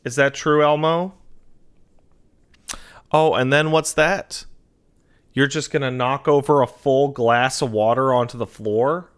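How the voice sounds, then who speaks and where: A man's voice: mid-range voice, fairly even intonation, unhurried, pauses often, clean tone. A man streaming from home on a desk mic, chatting casually to his cat with profane, mock-scolding banter. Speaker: game streamer. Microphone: desk mic on a stand.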